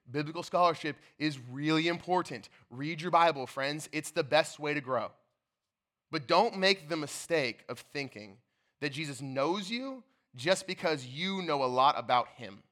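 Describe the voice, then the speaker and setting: Young male pastor, emphatic sermon delivery, bright tone. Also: on the high side. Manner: earnest, emphatic, repeats phrases for stress.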